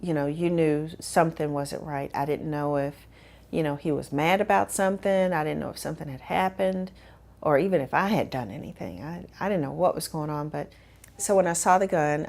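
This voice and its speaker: A woman telling her own story in a measured, reflective way with frequent fillers. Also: sits low, vocal fry, a little mellow. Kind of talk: personal testimony.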